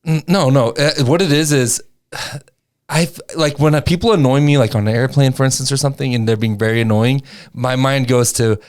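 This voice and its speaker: A man hosting a podcast, telling stories in a relaxed conversational way and often checking in with his guest. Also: medium pitch, brisk. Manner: relaxed storyteller, frequent "you know what I mean". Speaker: podcast host. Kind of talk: casual interview chat.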